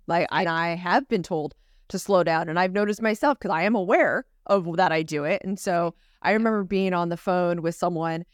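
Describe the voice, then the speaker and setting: Woman podcast co-host, quick and chatty, low-pitched, dry close sound. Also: no room sound. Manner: fast-talking, laughs often. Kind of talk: casual chat.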